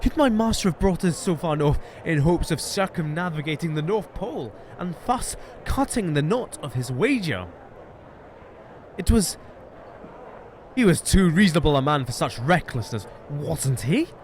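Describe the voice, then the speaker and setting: A man's voice: a little high, expressive, moderate pace, a little hiss or hum. A man streaming a game, reading its narration and dialogue aloud and joking with friends. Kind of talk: live-streamed game read-aloud with chat.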